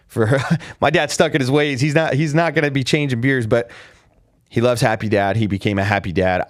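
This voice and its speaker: A man hosts a casual fight recap show, rambling through backstage stories with plenty of "uh" and restarts. His voice sits at an ordinary pitch for a man. The recording is dry, with no room sound. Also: no room sound. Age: adult with a father. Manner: rambling storyteller with many restarts and fillers. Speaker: podcast host. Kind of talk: casual chat.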